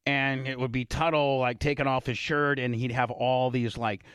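A man's voice: mid-range voice, moderate pace, clear, resonant tone, no room sound, clean studio sound. A man hosting an uncensored radio show, telling stories with lots of swearing and acting out the voices of the people in them. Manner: profane, animated, acts out quoted voices in his stories. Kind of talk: uncensored casual talk radio storytelling. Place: radio studio.

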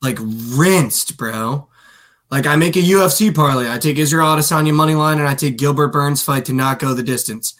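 This twenty-something co-host of a sports betting podcast has a somewhat high, slightly bright voice at a moderate pace. His storytelling wanders casually, heavy on fillers like "like" and "dude."

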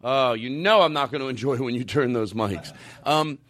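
A man's voice: mid-range voice, normal speed, a bit bright, dry recording, studio quality. A man hosting a casual comedy podcast, joking, swearing and laughing easily. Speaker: podcast host.

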